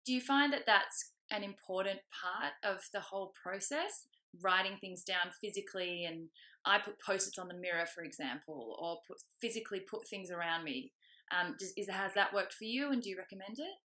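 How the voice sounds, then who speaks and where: A woman's voice: mid-range voice, moderate pace, bright, forceful tone, poor audio. A woman hosting a casual interview, asking long, chatty questions. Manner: chatty, rambling questions with fillers. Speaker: interview host.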